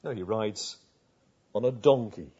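A man preaching a sermon, retelling scripture with earnest rhetorical questions and dropping to a hush at tender moments. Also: lowish voice, a little slow, slightly rough. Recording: dull lo-fi sound.

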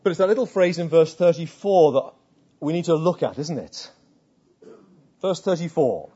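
Male preacher, earnest, rhetorical, mellow and husky; lo-fi recording. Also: a little high, lively intonation, moderate pace. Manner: earnest storytelling with rhetorical questions, hushed at tender moments. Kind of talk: sermon. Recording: dull lo-fi sound.

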